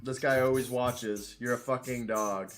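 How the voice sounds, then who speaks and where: A man's voice: medium pitch, steady tone, unhurried, over a noisy crowd. A young man from Minnesota co-hosting a casual talk show, rambling and swearing his way through stories. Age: young adult. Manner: rambling, profane storytelling. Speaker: co-host. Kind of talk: casual chat.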